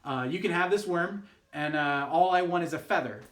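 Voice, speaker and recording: A sly, coaxing fox offers a bargain, voiced by a man telling a fable. The voice sits a bit high and sounds ordinary rather than put on. It rings in an echoey room. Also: normal speed, fairly bright tone, natural voice. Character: sly male fox making a deal.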